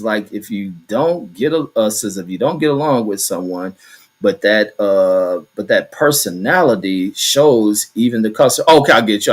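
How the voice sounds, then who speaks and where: A middle-aged man hosting a show, telling a work story and reading viewer comments aloud, casually and with a lot of cursing. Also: on the low side. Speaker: host.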